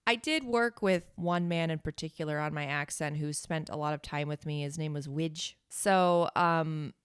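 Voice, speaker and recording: A woman co-hosting a comedy podcast, telling a mock-tragic story in a deadpan, casual way. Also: low-pitched, normal speed, clean tone, dry recording, clean studio sound. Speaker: podcast co-host.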